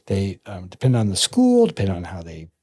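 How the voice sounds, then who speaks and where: A man, a massage therapist and energy bodyworker, telling stories as a guest in a casual interview and acting out the quotes with lively jumps in his voice. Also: moderate pace, slightly rough. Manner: animated, acts out quotes with jumps in pitch.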